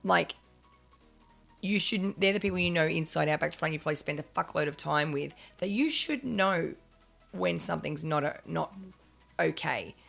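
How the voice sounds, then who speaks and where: Low, gravelly woman chatting on a stream. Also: normal speed, fairly bright tone, soft background music. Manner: rambling, restarts and swears while making a point. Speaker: co-host of a live stream. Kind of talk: casual chat on a live stream.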